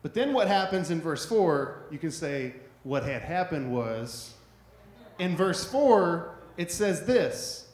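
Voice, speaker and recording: A man's voice: sits high, expressive, measured pace, a little mellow, reverberant. A man preaching a sermon in a loose, conversational way, often checking in with "right?". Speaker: pastor.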